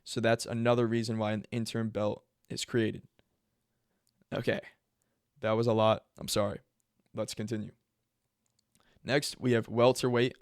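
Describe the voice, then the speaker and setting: A man's voice: lowish voice, smooth, no echo, clean studio sound. A man explaining a sport casually, rambling and often correcting himself mid-sentence. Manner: rambling, self-correcting, filler-heavy. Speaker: MMA video host.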